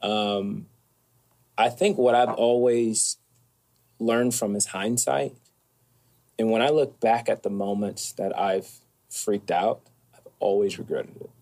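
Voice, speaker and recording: A man speaking as an interview guest, calm and thoughtful, with occasional soft hesitations. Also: fairly low pitch, takes it slowly, long pauses. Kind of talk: reflective conversation.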